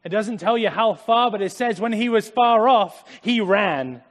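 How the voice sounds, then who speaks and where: A man preaching a sermon, dramatic, swinging from loud emphasis to hushed tones. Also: high-pitched, lively intonation, a little slow. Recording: echoey hall.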